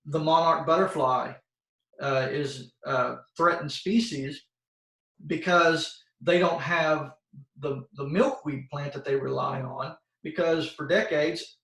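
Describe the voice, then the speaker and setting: A soil health expert presents an informal lesson to schoolchildren by video call, folksy and plain-spoken, frequently stalling on fillers and starting sentences over. His slightly high voice is gravelly and fairly bright, picked up far from the mic amid room echo.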